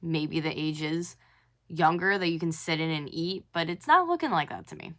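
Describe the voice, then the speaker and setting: A woman's voice: low-pitched, animated, normal speed, a bit bright. A woman in her twenties from North America, giving sarcastic, indignant reaction commentary on a video. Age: 20s.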